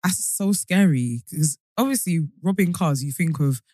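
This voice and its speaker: A woman's voice: sits low, normal speed, no room sound, clean studio sound. Laughing woman telling stories. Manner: laughs often, animated storyteller. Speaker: podcast co-host. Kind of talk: casual chat.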